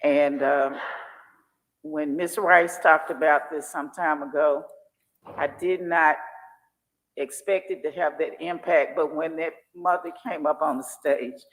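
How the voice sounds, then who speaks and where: A woman's voice: sits low, steady tone, slow pace. A woman chairs a school board meeting, her remarks heartfelt and openly emotional in a folksy way. Her voice rings out with the long reverb of a large boardroom.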